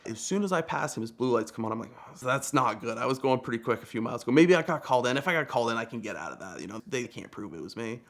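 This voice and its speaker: Young guy, quick and chatty anecdote teller, animated and self-mocking, mid-range voice. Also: mid-range voice. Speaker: guest storyteller. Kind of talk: casual anecdote telling.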